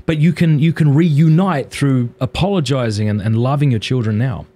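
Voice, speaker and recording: A man's voice: medium pitch, moderate pace, dark tone. A man hosting a podcast, talking earnestly and confessionally as a father, with small acted quotes of others. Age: adult father of children. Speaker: podcast host. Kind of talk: casual podcast conversation.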